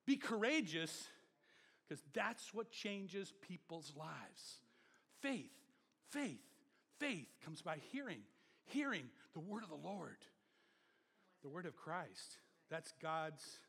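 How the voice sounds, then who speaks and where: This man preaches with energy, his delivery moving from booming calls to soft murmurs as he leads the congregation in echoing his words. He speaks slowly with long pauses, and his husky voice carries vocal fry and a long reverb tail.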